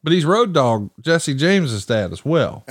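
A man's voice: a little high, sing-song, a little slow, no room sound, clean studio sound. Enthusiastic storytelling male host. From American South. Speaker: podcast host. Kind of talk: casual commentary chat.

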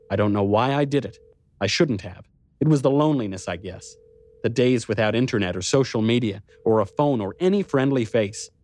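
A man reading a novel aloud as a first-person narrator, telling the story in a measured, introspective way into a close microphone. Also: fairly low pitch, darkish tone. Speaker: audiobook narrator.

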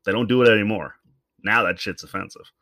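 A Canadian commentator rants solo for comedy in a fairly low voice, talking quickly with a pushed, bright sound. He swears freely and thinks aloud, rambling around his point before landing it. The recording is dry and close, with no room echo.

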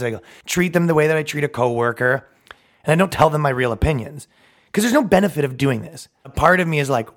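A man's voice: medium pitch, expressive, fast, fairly bright tone. A young man hosting a solo podcast, brash, profane and opinionated, acting out both sides of conversations and laughing at his own jokes. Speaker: podcast host.

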